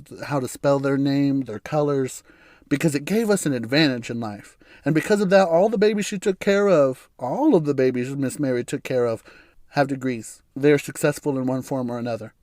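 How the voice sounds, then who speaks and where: A man's voice: mid-range voice, brisk, a little mellow, no room sound, studio quality. A man hosting a solo podcast, talking candidly and bluntly, swearing freely and laughing often. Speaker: podcast host. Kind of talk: casual solo podcast monologue.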